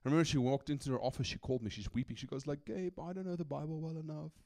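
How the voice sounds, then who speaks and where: Animated man preaching. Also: fairly high pitch, rapid-fire, gravelly. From South Africa. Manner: animated, conversational, often asks "right?". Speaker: guest preacher. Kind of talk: sermon with personal stories.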